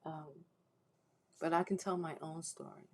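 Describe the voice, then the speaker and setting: In a rough recording with slight background noise, a female livestream host on a faith-based broadcast speaks at a measured pace in a low-pitched, flat delivery. Emotional and near tears, she gives viewers a heartfelt, preacherly appeal, often repeating herself and starting over.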